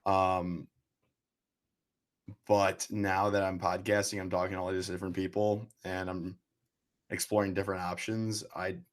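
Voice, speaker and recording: A young man hosting a podcast, asking questions in a relaxed, casual way with frequent filler words. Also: low-pitched, a little slow, long pauses. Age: young adult. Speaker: podcast host. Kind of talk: casual interview chat.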